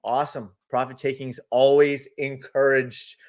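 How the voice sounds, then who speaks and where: A man's voice: medium pitch, level tone, normal speed. A man hosting a live market stream, chatting casually, greeting viewers by name and talking through charts as he goes. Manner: laughs easily, loose and talkative. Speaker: host of a live trading stream.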